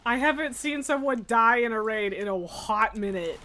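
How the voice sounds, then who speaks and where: A woman's voice: on the high side, animated, normal speed, pushed and bright. A woman streaming a video game, chatting casually, laughing often and swearing freely while she plays. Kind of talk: casual live-stream chat.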